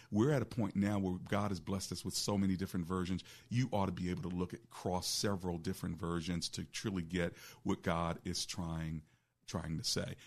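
Guy with a lowish voice running a call-in radio show, chatty preacher vibe. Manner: conversational, preacherly, teasing asides. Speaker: radio talk show host and pastor.

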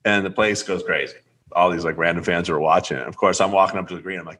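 Animated man telling a golf story. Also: fast. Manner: animated, acts out quotes with big jumps up in pitch. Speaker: podcast host. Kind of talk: casual storytelling.

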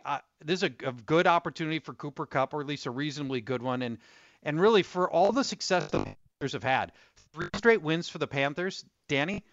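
A male fantasy football analyst calling in by phone, brisk and full of stats with quick restarts. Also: on the high side, a bit bright, dry recording. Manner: brisk, stat-heavy, hedging restarts. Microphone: phone line. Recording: muffled phone line.

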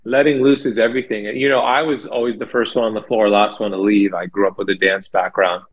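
A middle-aged man, a band's lead singer, chatting in an interview with enthusiastic, animated storytelling and many fillers. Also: fairly low pitch, brisk, lo-fi sound. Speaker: lead singer of a band, guest. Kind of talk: casual interview chat.

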